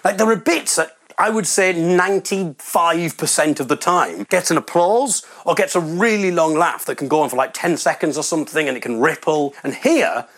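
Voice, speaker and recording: A man's voice: on the high side, normal speed, fairly bright tone. A man, a comedian telling wry, rambling stories about his gigs. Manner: rambling, wry, self-deprecating. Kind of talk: comic storytelling monologue.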